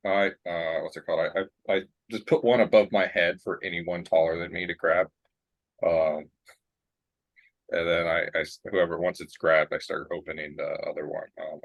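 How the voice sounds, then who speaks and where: Deep-voiced stumbling man player. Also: steady tone, moderate pace, lo-fi sound. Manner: hesitant, stumbling restarts. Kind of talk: casual tabletop play.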